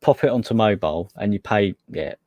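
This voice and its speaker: Low-voiced man, podcast co-host, hesitant delivery, dry recording. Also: lively intonation, fairly quick, a little mellow, no room sound. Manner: hesitant, trails off and restarts. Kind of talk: casual chat.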